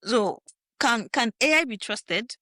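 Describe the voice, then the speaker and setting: A woman hosting a podcast, asking measured, thoughtful interview questions. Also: a little high, animated, sharp tone, dry recording, studio quality. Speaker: podcast host.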